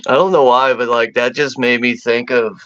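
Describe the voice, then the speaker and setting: A man's voice: mid-range voice, steady tone, normal speed, fairly bright tone. A man co-hosting a casual stream, telling stories loosely with lots of "like" and the odd swear. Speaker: co-host of a watch-along stream. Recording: dull lo-fi stream audio.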